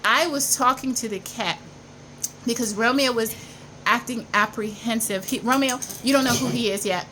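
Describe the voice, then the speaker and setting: A woman with a high voice tells a personal story straight to her viewers. She talks casually and with emphasis, repeating herself and swearing it is true. A faint hum of noise sits behind her. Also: normal speed, sharp tone, poor audio. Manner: emphatic and repetitive, insisting she is not lying. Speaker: vlogger.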